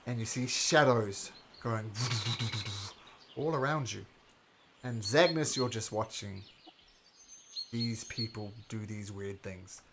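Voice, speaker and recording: A man's voice: medium pitch, slight background noise. A man narrating a tabletop game as game master, with lots of fillers and hesitations.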